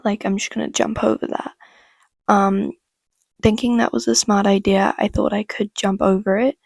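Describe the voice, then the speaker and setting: A woman's voice: medium pitch, creaky, slightly rough, no echo, clean studio sound. A young woman casually telling a story from her childhood, rambling with lots of "like" and the odd swear word. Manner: rambling and chatty, heavy use of "like", swears freely. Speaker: vlogger.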